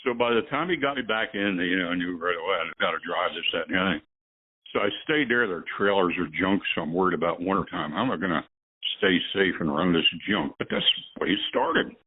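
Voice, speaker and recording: A man's voice: deep voice, big pitch swings, quick pace, breathy edge. An older man, a veteran truck driver and guest, telling rambling stories with chuckles in a casual conversation. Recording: tinny phone line.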